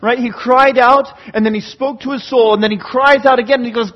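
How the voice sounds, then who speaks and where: A man preaching a sermon in an earnest style, swinging from hushed passages to fervent ones. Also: extremely high pitch, steady tone, a little fast, few pauses, highs cut off. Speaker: pastor.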